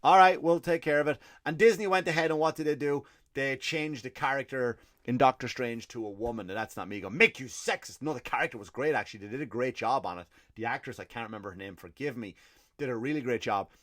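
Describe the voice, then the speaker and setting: A man's voice: medium pitch, fast talker, a bit bright. An Irish man hosting a comedy podcast, telling a profane, rambling story in a monologue. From Ireland. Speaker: comedian host.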